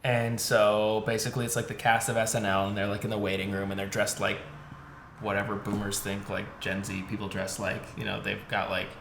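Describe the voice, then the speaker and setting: A man's voice: on the low side, flat delivery, a little fast, gravelly. Co-host, young man, loose rambling delivery, swears freely, roomy echo with faint hiss. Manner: rambling, heavy filler words, swears casually. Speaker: podcast co-host. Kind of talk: casual chat. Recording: echoey room with faint noise.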